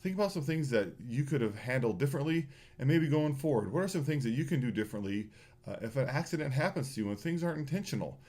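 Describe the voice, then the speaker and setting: A man giving a morning talk at a school and telling students a story from his weekend. His voice sits in a middle range, and he tells the story in a lively way with plenty of ums and uhs. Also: mid-range voice, fast talker. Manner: animated storyteller, lively with many fillers. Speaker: school speaker addressing students.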